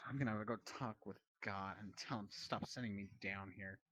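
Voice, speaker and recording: A man's voice: on the low side, fairly even intonation, fast talker, a bit bright, dry recording. A man voicing a grumpy male space being in a fan animation, exasperated and dismissive. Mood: annoyed.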